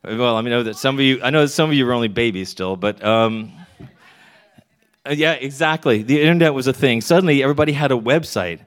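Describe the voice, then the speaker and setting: A man's voice: mid-range voice, quick pace. Wry man from Texas telling a story. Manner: wry, candid, punchline-driven joke delivery. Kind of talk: live comic storytelling to an audience.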